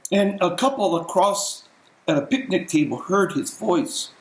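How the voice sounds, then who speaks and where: Male pastor, slightly high voice, storytelling sermon, throat-clears, echoey room. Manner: conversational storytelling, often clearing his throat.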